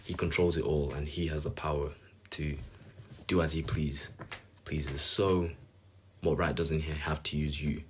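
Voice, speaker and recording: A man's voice: a bass voice, fairly even intonation, a little slow, long pauses, slight background noise. A man giving a casual devotional talk on a Bible passage, earnest and rambling as he thinks aloud. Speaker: Bible reflection speaker.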